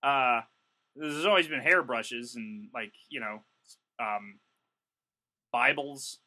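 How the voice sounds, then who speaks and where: Bright-voiced man rambling through anecdotes. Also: medium pitch, slow. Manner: rambling storyteller, acts out other people's voices. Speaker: podcast co-host. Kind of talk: casual comedic chat.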